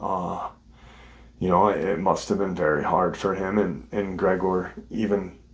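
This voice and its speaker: A man's voice: low voice, level tone, measured pace. A man hosting a paranormal channel, casually retelling someone's story in an unscripted way, with frequent ums and restarts. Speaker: host of a paranormal encounter channel.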